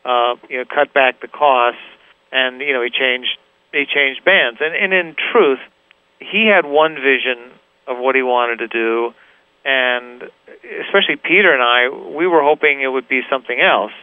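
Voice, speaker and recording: A man calling in over a tinny phone line, telling stories as the interview guest. His voice is smooth and resonant, and the sound is dry and close. He rambles a little, with many "you know"s and restarts. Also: medium pitch, moderate pace, dry recording. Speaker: guitarist guest. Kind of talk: casual interview chat.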